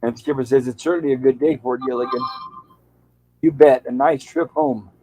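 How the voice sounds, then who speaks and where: A man's voice: mid-range voice, steady tone, fairly quick, dark tone, slight background noise, low-quality recording. A man hosting a casual show, retelling an old TV episode and reading out its lines in a loose, chatty way. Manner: reads out quoted lines in a loose, chatty recap. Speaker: show host.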